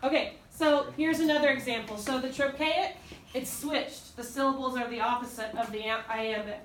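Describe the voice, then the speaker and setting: A woman's voice: high voice, normal speed. A woman teaching a class, patiently repeating things and sounding out syllable stress. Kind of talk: classroom instruction. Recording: echoey classroom, voice from far off, background noise.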